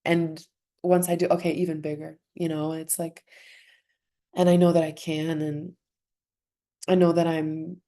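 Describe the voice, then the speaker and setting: A young woman talks as a podcast guest in an earnest, emotional way. Her voice sits low and mellow. She laughs readily and trips over her words, repeating and restarting as she goes. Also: little pitch movement, a little slow, long pauses. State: emotional, close to tears. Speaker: podcast guest, former competitive swimmer. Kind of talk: heartfelt conversational interview.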